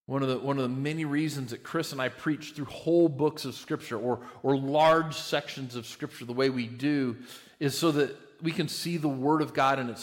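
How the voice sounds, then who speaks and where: A man preaching a sermon, conversational and repetitive, often checking in with "right?". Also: a little high. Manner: conversational, repeats words, frequent "right?". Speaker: pastor.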